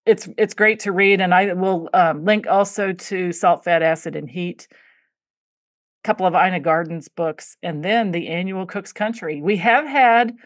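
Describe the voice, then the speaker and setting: A woman's voice: on the low side, measured pace, no echo, clean studio sound. Chatty woman podcast host. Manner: chatty, storytelling, many fillers. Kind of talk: casual interview chat.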